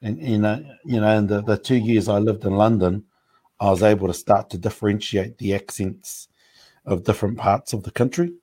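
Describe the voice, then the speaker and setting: Low, mellow-voiced New man. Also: moderate pace, breathy edge. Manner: relaxed, thoughtful, many fillers and restarts. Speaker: panel speaker. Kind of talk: casual discussion.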